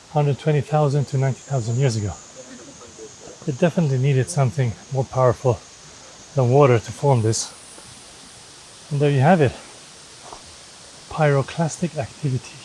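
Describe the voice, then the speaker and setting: A man's voice: medium pitch, moderate pace, long pauses, darkish tone, poor audio. A man vlogging while walking through a river gorge, explaining the sights to a handheld camera in a casual, chatty way. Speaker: travel vlogger. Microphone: handheld camera held aloft.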